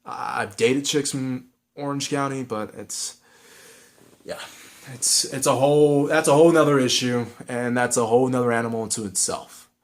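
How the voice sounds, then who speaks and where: A man's voice: medium pitch, normal speed. A man with a Southern California accent giving frank, rambling advice in a casual vlog, with many restarts and fillers.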